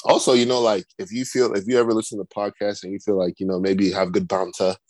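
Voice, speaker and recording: A man's voice: fairly low pitch, little pitch movement, quick pace, darkish tone, no echo. A man co-hosting a podcast in casual chat, rambling and saying "like" constantly. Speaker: podcast co-host.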